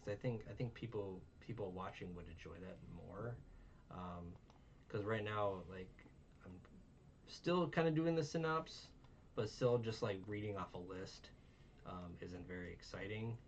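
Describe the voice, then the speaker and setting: Worn out and self-deprecating, this young podcaster meanders through an informal review conversation packed with fillers. He speaks in a fairly low voice at an unhurried pace, and a faraway, muffled mic picks up faint noise.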